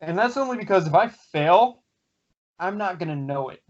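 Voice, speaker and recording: A man's voice: high-pitched, expressive, moderate pace. A man co-hosting a podcast, trading teasing jokes with plenty of swearing. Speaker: podcast co-host. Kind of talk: casual podcast banter. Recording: dull lo-fi podcast audio.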